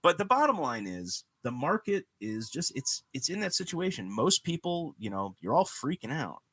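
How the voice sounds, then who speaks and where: Animated man ranting on a podcast. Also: on the high side, normal speed, slightly rough, dry recording. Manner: animated, ranting, lots of "you know" and "guess what". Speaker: podcast host. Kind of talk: casual chat.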